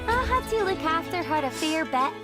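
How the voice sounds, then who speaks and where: A woman's voice: very high voice, sing-song, moderate pace. An actress voicing a hearty young farm-girl recruit, chatty and caring, in game voice lines. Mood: cheery. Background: loud music.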